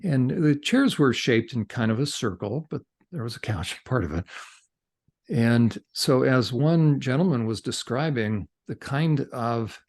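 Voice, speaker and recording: A middle-aged man, a counselor and podcast guest, telling a story in conversation, animated and gesturing with his hands as he talks. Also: medium pitch.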